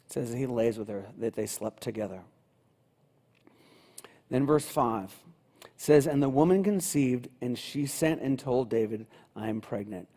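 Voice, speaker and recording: A man's voice: mid-range voice, unhurried, pauses often, mellow. A man preaching a sermon in a conversational way, acting out lines of the story as he goes. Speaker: pastor.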